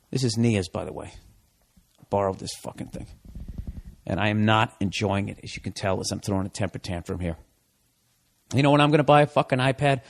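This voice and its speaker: A man hosting a podcast, giving blunt advice in a casual rant full of swearing. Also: medium pitch. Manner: blunt, swears constantly, riffs.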